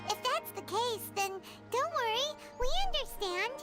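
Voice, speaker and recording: A woman voicing a tiny, chirpy floating girl companion in a game, with a very high voice and light effects on it. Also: lively intonation, measured pace. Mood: curious. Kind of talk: game voice acting. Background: game music.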